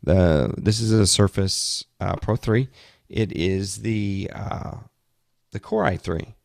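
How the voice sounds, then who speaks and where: Casting: male podcast host, low voice, dry close sound, rambling tech chat, tired. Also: slow, gravelly, no echo. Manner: rambling, chatty, many restarts. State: tired, yawning. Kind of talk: casual tech talk.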